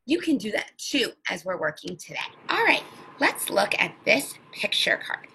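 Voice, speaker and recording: A woman teaching an online phonics lesson to young children, sounding out words slowly and with exaggerated emphasis. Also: mid-range voice, big pitch swings, pushed and bright, slight background noise, poor audio.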